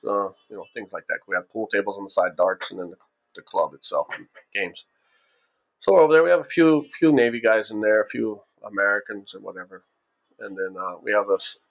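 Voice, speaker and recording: Low-voiced man telling a story casually. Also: gravelly. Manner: rambling, with frequent restarts and acted-out quotes. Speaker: storyteller recounting his own past.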